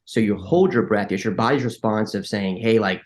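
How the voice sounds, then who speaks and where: A man with a fairly low voice talks through ideas in a relaxed interview. He often restarts his sentences and acts out little bits of inner dialogue along the way. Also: brisk. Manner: frequent restarts and filler likes. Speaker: podcast guest. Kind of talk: conversational interview.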